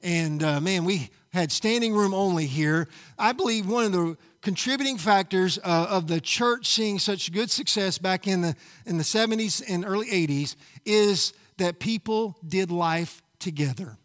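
A man's voice: high voice, normal speed, hardly any pauses, fairly bright tone, long reverb tail. A man preaching a sermon as pastor, emphatic and often calling out to the congregation. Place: church sanctuary.

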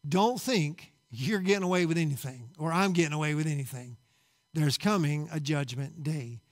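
A man's voice: a little high, normal speed. A man preaching a sermon at a church service, fervent and urgent, repeating his calls and stumbling over words when worked up. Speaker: pastor.

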